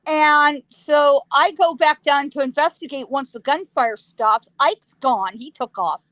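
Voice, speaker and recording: A woman, a psychic guest, telling a ghost story in a lively way, laughing often and acting out sounds. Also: high-pitched, measured pace, dry recording, poor audio.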